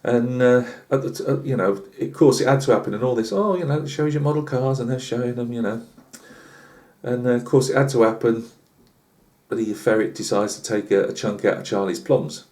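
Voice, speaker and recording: Chatty British bloke spinning a yarn. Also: male voice, mid-range voice, fairly even intonation, a little fast, darkish tone. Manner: chatty, lots of asides and fillers. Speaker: channel host. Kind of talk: rambling comic tall tale.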